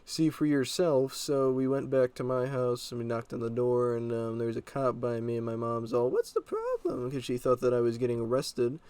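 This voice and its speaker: A man's voice: medium pitch, flat delivery, brisk, hardly any pauses, darkish tone, smooth, no echo. A young man casually telling a story, rambling and exasperated with lots of fillers.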